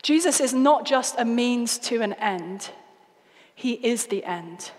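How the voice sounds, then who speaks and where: A British woman giving an evangelistic talk, telling stories in an earnest, expressive way. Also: on the high side, slow pace. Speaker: guest speaker. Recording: reverberant hall.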